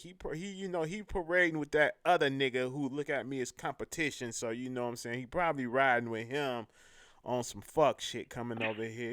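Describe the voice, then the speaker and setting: A man's voice: mid-range voice, steady tone, a little fast, fairly bright tone, clear, resonant tone, dry recording, clean studio sound. Brash trash-talking man. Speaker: host. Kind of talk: profane live-show banter.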